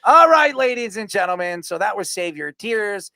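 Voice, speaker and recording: A man co-hosting a sports talk show, giving emphatic, animated takes. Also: sits high, moderate pace. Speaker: co-host.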